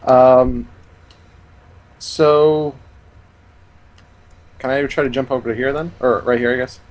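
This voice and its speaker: A man's voice: mid-range voice, steady tone, slow. A man playing a tabletop game over voice chat, speaking hesitantly with many fillers. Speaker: player.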